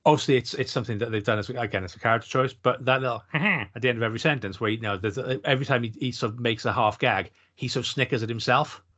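A man's voice: medium pitch, quick pace, few pauses, a bit bright. A middle-aged man, co-hosting a podcast in casual chat and working through his thoughts with many restarts. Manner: thoughtful, meandering, frequent restarts. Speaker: podcast co-host. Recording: dull lo-fi podcast audio.

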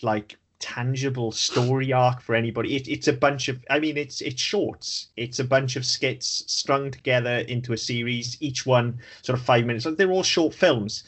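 A man co-hosting a laid-back podcast, his voice sitting at an ordinary middle pitch. He rambles through his points with lots of restarts. His talk is sweary and he makes fun of himself. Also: normal speed, few pauses, fairly bright tone. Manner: rambling, sweary, self-deprecating. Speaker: podcast co-host. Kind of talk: casual chat.

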